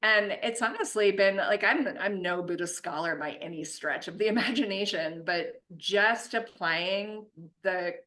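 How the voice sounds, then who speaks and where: A woman who works as a conflict coach and mediator, talking through an idea in a relaxed, reflective way with lots of fillers. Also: mid-range voice, unhurried. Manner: reflective, explains with many fillers and restarts. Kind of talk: casual podcast conversation.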